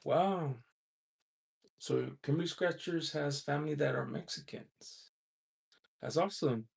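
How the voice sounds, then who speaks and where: An American man hosts a loose livestream chat in a fairly high-pitched voice with a gravelly, creaky, husky edge, speaking at a measured pace. He rambles, reads viewer comments aloud, and sprinkles in "you know" along with frequent little chuckles.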